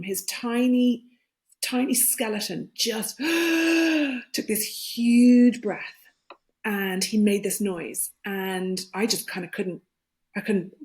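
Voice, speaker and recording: A middle-aged woman, a podcast guest, telling a personal story in a reflective way, often pausing and restarting as she searches for words. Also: medium pitch.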